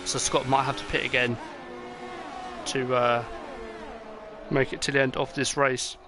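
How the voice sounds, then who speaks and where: A man's voice: mid-range voice, unhurried. Tired man calling a sim race. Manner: excitable, rambling, many fillers. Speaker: race commentator. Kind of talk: esports race commentary. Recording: noisy, with game car sounds behind.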